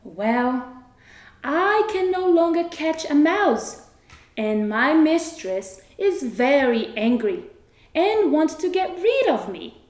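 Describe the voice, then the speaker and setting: A woman's voice: high voice, sing-song, slow pace, reverberant, full character voice. A woman doing a sad storybook cat. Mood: plaintive. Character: male cat, sad but eager.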